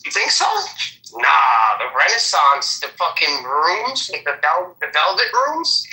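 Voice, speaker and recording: A man's voice: fairly high pitch, big pitch swings, measured pace. A man on a livestream call, slangy and profane. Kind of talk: casual livestream chat. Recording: bright echoey call-in audio.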